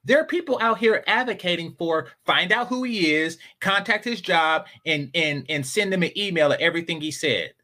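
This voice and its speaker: A man's voice: fairly high pitch, lively intonation, normal speed, few pauses, bright, forceful tone. A man giving casual, sarcastic reaction commentary on a stream, talking back to the clips he plays.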